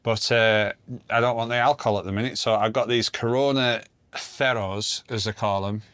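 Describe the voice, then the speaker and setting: A man's voice: lowish voice, fairly even intonation, normal speed, a bit bright, smooth, no echo. A man co-hosting a casual chat, joking around and laughing at his own lines. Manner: jokey, reads jokes aloud with chuckles. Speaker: co-host.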